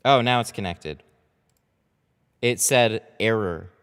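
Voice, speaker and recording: A man's voice: fairly low pitch, slow pace, fairly bright tone, clean tone. A man talking casually into a headset as he tints a window on a live stream, chatty and loose, swearing now and then when something goes wrong. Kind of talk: casual live-stream talk while working.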